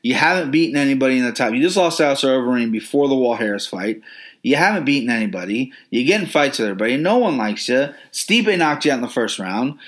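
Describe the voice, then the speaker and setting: A man's voice: medium pitch, lively intonation, fast. Brash, swearing man ranting about fighters. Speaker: podcast host. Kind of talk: opinionated sports podcast commentary.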